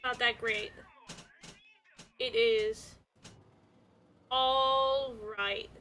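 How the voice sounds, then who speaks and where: A woman's voice: fairly high pitch, fairly even intonation, drawn-out words, sharp tone, faint music behind. A young woman streaming a game, chatting playfully and laughing with friends. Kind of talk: casual chat while gaming.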